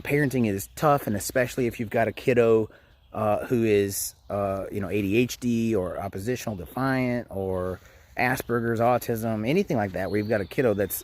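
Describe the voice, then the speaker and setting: A man in his thirties giving casual parenting advice to camera, frank and conversational, with frequent hesitations. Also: on the low side. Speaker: parenting coach.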